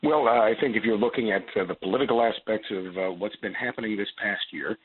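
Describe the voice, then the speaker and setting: Radio guest over phone line: man, congested, low-ish, measured with lots of pauses, tinny. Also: husky. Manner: measured, many filler pauses. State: congested, partly lost voice. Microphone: telephone studio line.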